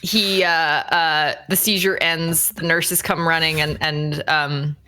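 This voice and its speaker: Bright-voiced woman game master. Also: deep voice, steady tone. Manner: halting, full of fillers. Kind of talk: narrating a tabletop game.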